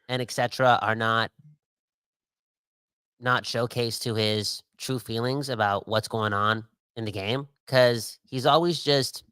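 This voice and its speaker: A man co-hosting a sports podcast, ranting with lots of exclamations. His voice is mid-pitched and jumps up when he gets worked up. The sound is dry and close. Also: smooth, no echo. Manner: animated, ranting, exclaims often. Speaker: podcast co-host. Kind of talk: casual sports podcast chat.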